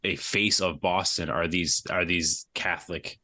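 A man's voice: low-pitched, fairly even intonation, unhurried, bright, forceful tone, no echo. A man guesting on a podcast, talking earnestly and restarting his words often. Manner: earnest, repeats words as he talks. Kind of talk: casual film discussion.

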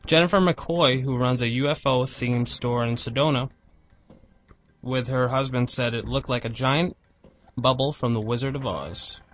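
A man's voice: medium pitch, normal speed, a bit bright, lo-fi sound. A man co-hosting a casual talk show, reading a news item plainly with some stumbles.

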